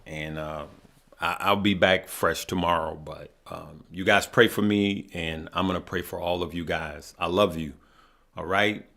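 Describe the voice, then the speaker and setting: A man hosting a live stream, talking earnestly to his viewers, emotional and near tears, halting and often repeating himself. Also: low-pitched, steady tone, creaky, sharp tone. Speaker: host of a stock market live stream.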